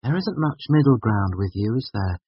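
Audiobook: male narrator doing a teasing young woman, husky edge, dry dull sound. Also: fairly low pitch, expressive, moderate pace, no echo, voice pushed up. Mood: earnest. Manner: raised, lighter voice, playful and teasing. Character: young woman, wry, teasing and quick-witted. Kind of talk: audiobook character voice. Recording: slightly dull, dry recording.

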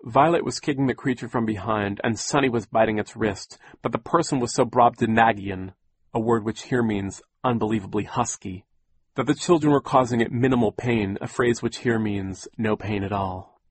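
A man narrating an audiobook in a measured, wry storytelling manner. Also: lowish voice, slightly rough, no room sound. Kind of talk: scripted narration.

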